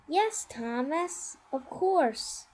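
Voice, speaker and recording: A woman's voice: sits high, expressive, drawn-out words, a little mellow, slight background noise, exaggerated voice, rough recording. A woman voicing a timid little boy engine. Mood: hesitant. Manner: hesitant, stammering. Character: timid small young male engine. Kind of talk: fan redub of a children's cartoon.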